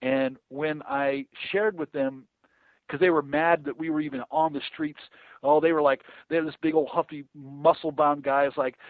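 A middle-aged man talks earnestly about sharing his faith, often stumbling into repeated words and slipping into quoted exchanges. His voice sits slightly high. It comes through thin and phone-like, with a dry, close sound. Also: fairly even intonation, moderate pace, no room sound. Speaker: evangelist guest. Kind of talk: casual interview talk about evangelism.

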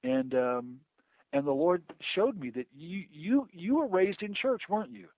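A middle-aged man talks earnestly about sharing his faith, often stumbling into repeated words and slipping into quoted exchanges. His voice sits slightly high. It comes through thin and phone-like, with a dry, close sound. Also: animated, a little slow, no echo. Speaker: evangelist guest. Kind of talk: casual interview talk about evangelism.

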